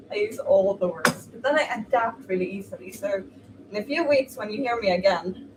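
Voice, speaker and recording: A woman's voice: mid-range voice, lively intonation, normal speed. A young woman, chatting casually and exclaiming while she cooks. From Sweden. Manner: chatty, exclamatory, laughs easily. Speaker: streamer. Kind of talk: casual chat while cooking. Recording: distant mic with noisy background.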